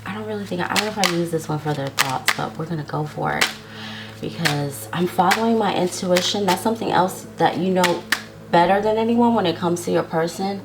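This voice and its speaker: A woman's voice: on the low side, very noisy. A woman giving a casual tarot love reading to her viewers, chatty and drawn out, often checking in with "okay?". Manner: chatty, drawn-out words, frequent "okay?" tags. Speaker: tarot reader.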